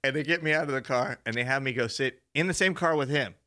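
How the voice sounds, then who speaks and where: A young adult man on a podcast, telling a story in casual chat, animated, laughing often and swearing freely. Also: mid-range voice, fast. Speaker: podcast co-host.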